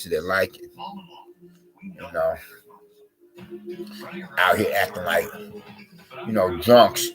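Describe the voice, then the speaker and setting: A man with a low voice rants to camera in a loose, rambling way. He circles back on himself with constant fillers and profanity. Faint music plays behind him. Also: poor audio. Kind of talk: casual rant to camera.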